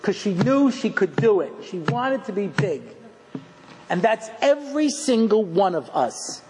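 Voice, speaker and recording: A middle-aged man giving a rabbi's lecture, telling funny stories in an animated, self-mocking way and acting out scenes. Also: sits high, unhurried. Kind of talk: humorous storytelling lecture. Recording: long hall reverb, faint background noise.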